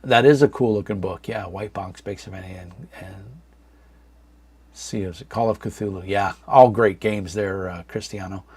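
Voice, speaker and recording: Sitting in a dark room at home, a thirtysomething man hosts a laid-back livestream chat, reading viewers' comments out loud and rambling with plenty of fillers. He speaks at a moderate pace in a deep, steady voice with a breathy edge, and there's no echo.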